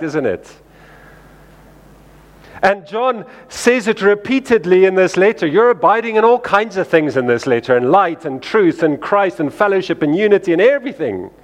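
A man's voice: high voice, lively intonation, normal speed, big-room sound. A male pastor preaching a sermon in a conversational way, often acting out what people say in lifted voices.

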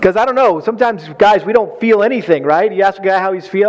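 A man's voice: high voice, quick pace, dull audio. A man preaching on marriage in a folksy, conversational way, acting out quotes with humor. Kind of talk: sermon.

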